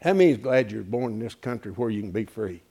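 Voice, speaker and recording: Man preaching a sermon, gravelly, with a swooping delivery, folksy and animated. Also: on the low side, quick pace. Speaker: pastor.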